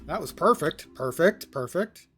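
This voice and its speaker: A man's voice: a little high, expressive, measured pace, a bit bright, faint music behind. A man streaming a video game live, chatting casually and joking at his own expense. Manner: self-deprecating, joking.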